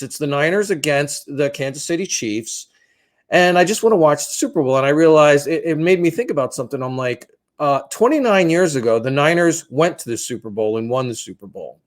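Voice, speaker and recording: A man in his fifties co-hosting a podcast, telling a long story in a rambling, profane, self-deprecating way. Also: on the high side. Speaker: podcast co-host.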